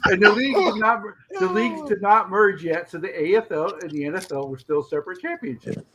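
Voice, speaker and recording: A man's voice: sits high, animated, brisk, highs cut off. Laughing man among a noisy crowd. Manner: corrects others, laughs often. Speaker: podcast co-host. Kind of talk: casual sports banter.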